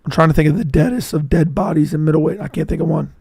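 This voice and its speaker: A hoarse man hosting a livestream in casual commentary, answering chat with blunt, profane banter. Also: a little high, fast talker, darkish tone, no room sound, clean studio sound. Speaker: livestream host.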